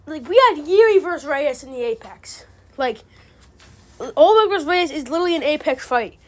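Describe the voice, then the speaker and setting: A woman's voice: high voice, animated, normal speed. A woman giving casual, ranting commentary, exasperated and profane, full of slang. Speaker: MMA commentary channel host.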